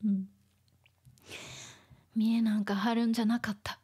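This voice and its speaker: A woman teaching vocabulary in a casual livestream lesson, softly mixing Japanese and English and laughing often. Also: on the high side, little pitch movement, fast, husky.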